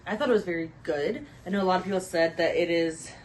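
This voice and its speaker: Young woman, book chat host, slightly low voice, a bit out of breath, chatty, faint background hiss. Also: quick pace, low-quality recording. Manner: chatty and upbeat. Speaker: booktube host. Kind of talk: casual chat. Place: at home.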